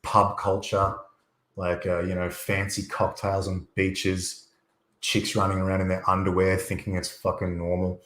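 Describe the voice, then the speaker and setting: A man's voice: low voice, monotone, a little slow, fairly bright tone, echoey room, rough recording. A man talking bluntly and emphatically as a guest on a casual livestream, rambling through his points. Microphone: USB desktop microphone.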